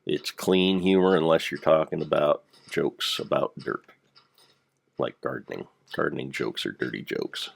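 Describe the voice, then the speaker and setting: An older man with a gravelly voice, rambling through casual gameplay commentary with dry dad jokes. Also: a bass voice, unhurried. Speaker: Minecraft let's player.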